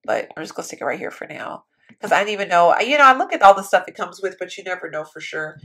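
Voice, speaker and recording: A woman's voice: lowish voice, lively intonation, fast, fairly bright tone. A woman giving casual, chatty commentary while building in a life-sim game, thinking aloud and talking to her viewers. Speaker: Sims building YouTuber.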